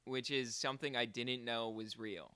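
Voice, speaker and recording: A man's voice: mid-range voice, steady tone, moderate pace, pushed and bright, clean tone, dry recording. A young man from Arizona with an Arizona accent, co-hosting a podcast in rambling casual chat. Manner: rambling, lots of "like" fillers. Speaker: podcast co-host.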